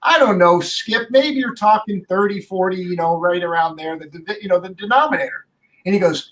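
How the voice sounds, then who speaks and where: A man guest telling a lively anecdote in casual chat. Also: sits high, fairly quick, far from the mic, poor audio. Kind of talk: casual storytelling.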